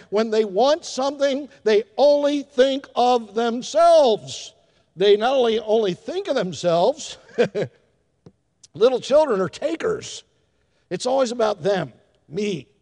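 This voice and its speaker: An older man preaching a sermon in a church, telling folksy stories with emphatic shifts in loudness. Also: high-pitched. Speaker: pastor. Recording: long hall reverb.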